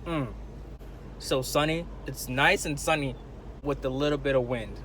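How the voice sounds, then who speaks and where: A man's voice: medium pitch, moderate pace, fairly bright tone, slight background noise. A young man talking casually to the camera in a slangy, rambling way, with a groggy morning voice, recorded in a car and outdoors in the city. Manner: laid-back, slangy, rambling. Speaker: vlogger. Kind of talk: casual vlog talk to camera.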